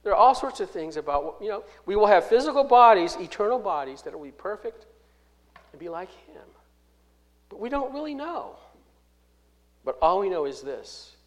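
A man with a high, tenor voice delivers a sermon. He is emphatic, swinging between loud declarations and soft asides. He slows down to stress key phrases as he reads verses and explains them. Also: sing-song. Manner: reads scripture aloud and explains it. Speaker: preacher.

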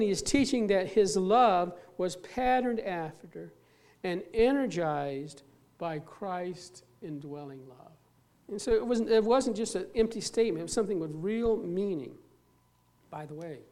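Pastor preaching, earnest and emphatic, mid pitch, drags out key words, repeats bits. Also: darkish tone. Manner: repeats and restarts phrases while preaching. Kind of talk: sermon.

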